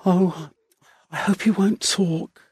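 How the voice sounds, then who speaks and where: A timid young country mother, frightened and stammering, her voice pitched a little high and kept soft, as a male reader puts her on. She talks slowly and haltingly, with a dark, mellow tone in a dry, close recording. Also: lively intonation, husky, dry recording, full character voice. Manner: stammering, anxious. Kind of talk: audiobook character voice.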